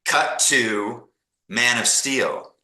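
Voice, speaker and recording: A middle-aged man from Canada, a podcast guest telling animated stories and acting out the people he quotes. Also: mid-range voice, extremely slow, echoey room, rough recording. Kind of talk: casual storytelling interview.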